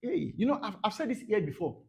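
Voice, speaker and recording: A man delivering a sermon in a high, sing-song voice that leaps about in pitch. He drops into quiet murmurs, then shouts, repeating phrases to drive them home. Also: very animated, quick pace, gravelly. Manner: dramatic, swings from soft murmurs to shouted bursts; repeats phrases for emphasis, laughs at his own points. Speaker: pastor.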